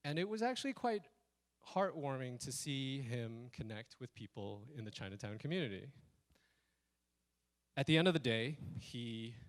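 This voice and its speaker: A man telling a personal story on stage at a speaker event, animated and acting out the lines he quotes. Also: mid-range voice, moderate pace. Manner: animated, acts out quoted lines in shifting voices. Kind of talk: live storytelling talk.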